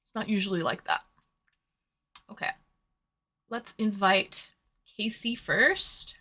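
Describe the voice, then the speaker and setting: A woman's voice: mid-range voice, slow pace, pushed and bright. A woman from Massachusetts with a Massachusetts accent, hosting a casual livestream and chatting while eating, on a webcam mic. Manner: chatty, reads chat aloud, eats between words. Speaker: streamer hosting online dates.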